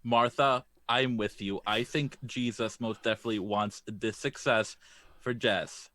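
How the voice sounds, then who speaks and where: A man voicing a smooth, money-minded talent agent who spins everything like a salesman, in a tabletop role-play. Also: medium pitch, fairly even intonation, unhurried, a bit bright, no room sound, natural voice. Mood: slick.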